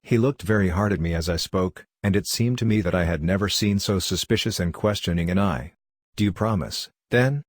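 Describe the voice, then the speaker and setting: A man reading a classic story aloud as a first-person audiobook narration, in a measured way. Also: low-pitched, no echo, clean studio sound. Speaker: audiobook reader.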